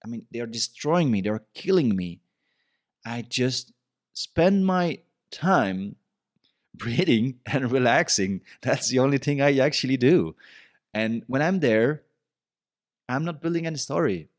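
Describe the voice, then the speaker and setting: A man's voice: medium pitch, animated, measured pace, no room sound, clean studio sound. A man hosting a podcast, giving relationship advice in a reflective, casual monologue and often repeating himself. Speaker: podcast host.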